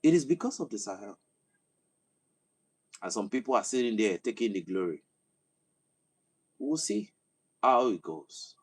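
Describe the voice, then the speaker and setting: A man from Nigeria with a Nigerian accent, giving a passionate political commentary that swells into loud, emphatic oratory. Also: lowish voice, very animated, measured pace, long pauses, breathy edge. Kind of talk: impassioned monologue to camera.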